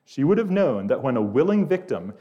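A man voicing a great lion king, speaking gravely and calmly in a low, quiet voice, read within a sermon. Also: fairly quick, muffled recording, natural voice. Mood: solemn. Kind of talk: reading aloud in a sermon.

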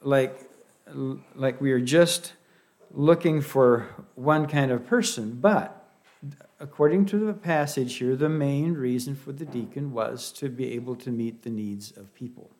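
In a Pennsylvania Dutch accent, a man preaches a folksy sermon, halting as he goes and often restarting phrases, with lots of fillers and bits of light humor. His voice is a little mellow and sits at an ordinary middle pitch.

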